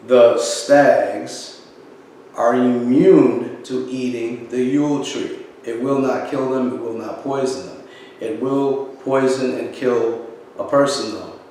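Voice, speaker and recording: A man's voice: mid-range voice, darkish tone. A man giving an informal religious talk, rambling and emphatic, often stopping to fire rhetorical questions at his viewers. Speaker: Christian video preacher. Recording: very echoey room, distant mic, faint background hiss.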